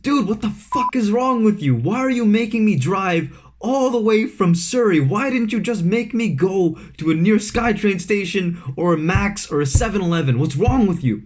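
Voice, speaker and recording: A man voicing his angry young friend who yells and swears down the phone, pitched higher than his own voice. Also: animated, normal speed, hardly any pauses. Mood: furious. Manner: shouting, outraged, swearing.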